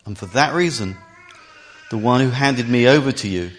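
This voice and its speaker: A man voicing a calm prisoner who answers in a measured, solemn way, in a scripture reading. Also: mid-range voice, voice pushed up, lightly acted. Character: calm, steady adult male prisoner-king.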